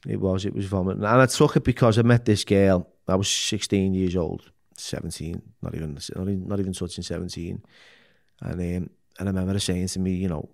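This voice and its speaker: A man's voice: sits low, steady tone, a little fast, creaky. A middle-aged man, a podcast guest talking candidly, bluntly and full of swearing, often restarting his sentences. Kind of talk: candid interview talk.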